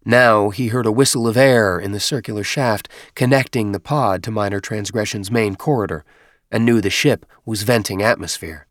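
A man reading a science fiction novel aloud in steady, measured audiobook narration. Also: fairly low pitch, no room sound, studio quality. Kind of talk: scripted narration.

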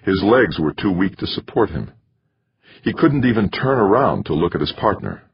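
A man narrating an audiobook in steady storytelling. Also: low-pitched, moderate pace, creaky, slightly rough, lo-fi sound. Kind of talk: scripted narration.

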